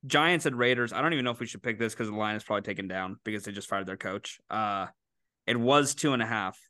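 A man co-hosting a casual sports betting podcast, animated and incredulous, quick to laugh. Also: fairly low pitch, no echo, clean studio sound. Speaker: podcast co-host making picks.

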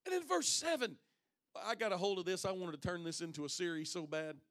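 High-voiced man preaching with fervor. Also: a little fast. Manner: impassioned preaching that swings between loud and hushed; reads scripture aloud and calls out to the congregation. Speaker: pastor. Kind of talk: sermon.

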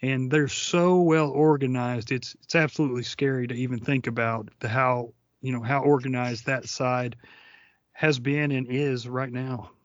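A man's voice: mid-range voice, fairly even intonation, moderate pace, no room sound, muffled recording. A man hosting a podcast, talking casually and hesitantly, often repeating words. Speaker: podcast host. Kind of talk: casual chat.

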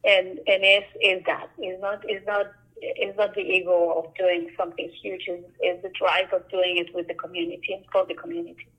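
A woman artist who works on murals, talking casually and telling stories in an animated way, often acting out the lines people said to her. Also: lowish voice, fairly quick, husky, highs cut off. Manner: animated storyteller, acts out quoted dialogue. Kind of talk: casual conversation.

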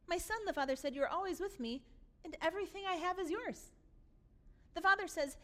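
A woman's voice: very high voice, a little fast, fairly bright tone. A woman pastor preaching a sermon, acting out the father's words with emphatic, rising force. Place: church sanctuary.

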